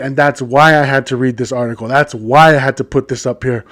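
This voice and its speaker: A man from Hawaii hosting a casual solo podcast, joking and animated, often laughing at his own stories. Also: medium pitch, fast talker, hardly any pauses, no room sound, clean studio sound. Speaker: podcast host.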